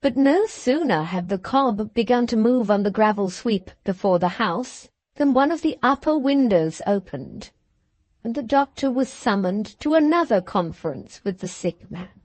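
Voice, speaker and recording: A woman narrating a classic novel as an audiobook in an expressive, deliberate manner. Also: a little high, no echo.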